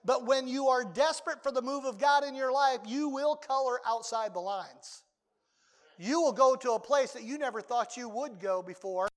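Older guy pastor, high voice, chatty sermon w big loud bursts, echoey hall. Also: normal speed. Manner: conversational preaching with sudden loud outbursts.

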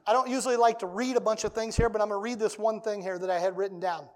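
A middle-aged man, a pastor, preaching a conversational sermon that builds to loud, excited bursts. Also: sits high, fast, hardly any pauses.

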